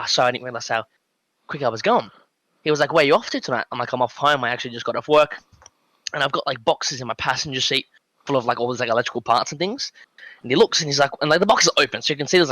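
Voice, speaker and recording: A man's voice: medium pitch, no room sound. A young man with an Australian accent telling a story on a casual podcast, acting out the dialogue with lots of fillers. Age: young adult. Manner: animated, acts out dialogue, many fillers. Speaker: podcast guest.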